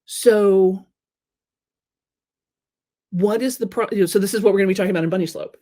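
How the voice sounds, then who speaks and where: A woman's voice: mid-range voice, fast talker, warm tone. A woman coach giving a live talk to her audience, playful and teasing, often checking in with "right?" and acting out people in mock voices. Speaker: creativity and marketing coach.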